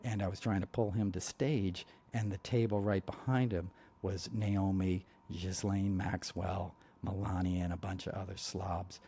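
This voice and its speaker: A podcast host speaks in a fairly low, mellow voice. He talks bluntly and heatedly, rambling through asides and filling gaps with "you know." The delivery is loose and conversational, like a monologue to regular listeners. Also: level tone, a little slow, vocal fry, hardly any pauses, slightly rough. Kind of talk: casual political monologue.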